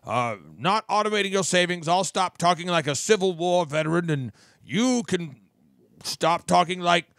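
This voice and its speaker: A man voicing a gruff, deep-voiced old Civil War veteran in an old-timey way. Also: moderate pace, a bit bright, dry recording, clean studio sound. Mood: bantering.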